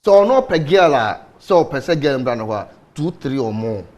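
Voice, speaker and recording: A man with a Ghanaian English accent in a morning show panel discussion, talking in an animated way and mixing English with Twi phrases. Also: medium pitch, unhurried, roomy sound. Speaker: studio guest.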